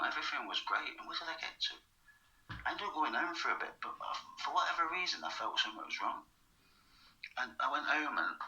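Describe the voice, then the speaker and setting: A man's voice: on the low side, bright, forceful tone, reverberant, far from the mic, highs cut off. A man from England telling a long personal story in casual, rambling speech, swearing freely and often slipping into half-whispers. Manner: rambling, swears casually, frequent "you know what I mean", drops into half-whispers. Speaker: vlogger.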